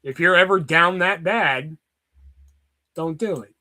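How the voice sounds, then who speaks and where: High, bright-voiced man ranting casually. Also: takes it slowly. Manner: rambling, profane, joking. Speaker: streamer. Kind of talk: casual chat. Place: basement at home.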